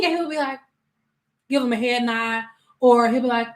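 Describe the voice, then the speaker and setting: A woman hosting a casual livestream as a spiritual coach, telling animated stories full of slang and acted-out quotes. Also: high voice, moderate pace. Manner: emphatic repetitions.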